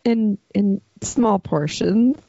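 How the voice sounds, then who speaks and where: A woman's voice: mid-range voice, lively intonation, slow pace, dark tone, dry recording, muffled recording. A woman co-hosting a podcast in easygoing, casual chat. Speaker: podcast co-host.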